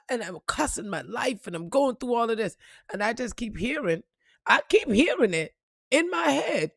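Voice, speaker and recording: A woman giving an unscripted motivational talk and telling a story straight to her viewers, blunt and profane, swinging between quiet asides and loud emphasis. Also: fairly high pitch, very animated, normal speed, creaky, husky, dry recording, clean studio sound. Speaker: spiritual reader and motivational speaker.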